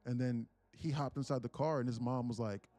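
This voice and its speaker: A man's voice: mid-range voice, soft background music. A young man hosting a livestream who tells a story casually, with lots of swearing and animation. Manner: profane, animated, fast. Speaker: day-trading livestream host.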